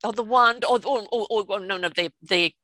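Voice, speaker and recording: A British woman in her sixties telling stories in a chatty, lively way, often laughing and checking in with "right?". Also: mid-range voice, a little fast, no echo. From Britain. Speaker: guest. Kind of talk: casual storytelling conversation.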